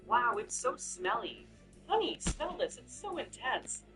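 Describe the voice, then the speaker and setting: A man's voice: very high voice, very animated, a little slow, pitched above the performer's own voice, exaggerated voice. A man voicing a young new mother, tired but playful and teasing her husband. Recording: distant mic with background music.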